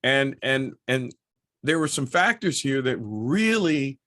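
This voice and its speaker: A man's voice: mid-range voice, big pitch swings, takes it slowly, fairly bright tone. A middle-aged man talking casually to camera as a motorcycle vlogger, chatty and anecdotal with many asides.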